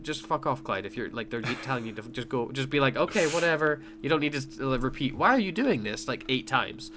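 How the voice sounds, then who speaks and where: A man's voice: medium pitch, brisk, noisy background. A man co-hosting a podcast, chatting casually and rambling as he recaps scenes, laughing often. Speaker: podcast co-host. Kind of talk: casual review chat.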